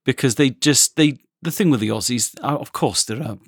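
A man's voice: medium pitch, normal speed, slightly rough, dry recording, studio quality. A man co-hosting a comedy podcast, chatting and laughing easily. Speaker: podcast co-host.

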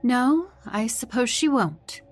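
A man voicing a gentle, kindly middle-aged mother in a narrated horror story. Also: very high-pitched, expressive, slow, soft background music, voice pushed up, heavily acted. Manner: soft, kindly, a little regretful.

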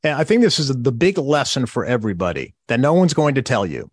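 A man's voice: mid-range voice, sing-song, brisk, breathy edge, no room sound, studio quality. A man who is an author, giving a podcast interview and explaining his points with emphasis, acting out the phrases he quotes.

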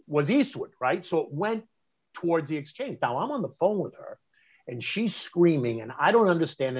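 A middle-aged man, telling a personal story in conversation, animated and emphatic, often restarting mid-phrase. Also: on the high side. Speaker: interview guest recounting a personal story. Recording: dull lo-fi sound.

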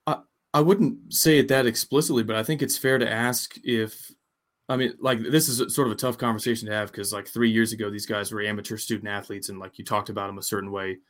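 A man co-hosting a sports podcast, talking in a measured way and asking probing questions in casual chat. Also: lowish voice, fairly even intonation, fairly bright tone. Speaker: podcast co-host.

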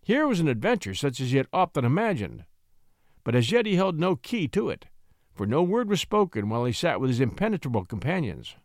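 Expressive male storyteller, dry sound. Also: on the high side, brisk, dry recording. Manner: expressive reading. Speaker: audiobook narrator. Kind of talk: scripted storybook narration.

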